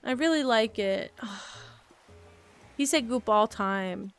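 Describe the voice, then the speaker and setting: Young woman, rambly gaming vlogger, bright higher-pitched voice, casual and chatty. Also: a little slow, clean tone, faint music behind. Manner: rambling, chatty, repeats silly words. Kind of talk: casual chat while gaming.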